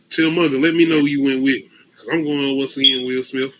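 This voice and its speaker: A man co-hosting a casual talk show, telling stories with animated acted-out quotes and frequent laughter. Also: mid-range voice, a little hiss or hum, low-quality recording. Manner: animated storytelling, acts out quotes, laughs often. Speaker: podcast co-host. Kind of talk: casual chat.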